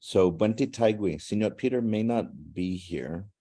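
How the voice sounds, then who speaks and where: A man with a low, mellow voice hosts a casual online class gathering. He is chatty and joking, slipping between two languages. He speaks through a video call. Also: normal speed. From Guam. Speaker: language class teacher and host.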